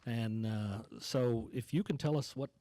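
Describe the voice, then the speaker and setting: Guy moderating a film talk, warm dark voice, lots of uhs, dry mic. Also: medium pitch, no room sound. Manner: measured, with frequent uhs and restarts. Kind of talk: onstage interview questions. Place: cinema stage before an audience.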